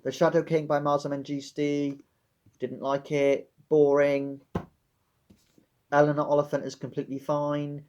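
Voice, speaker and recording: A man's voice: fairly high pitch, completely flat delivery, measured pace, a little mellow, smooth, dull audio. A young man vlogging about books in a dramatic, sardonic way. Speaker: book vlogger. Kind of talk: casual book vlog.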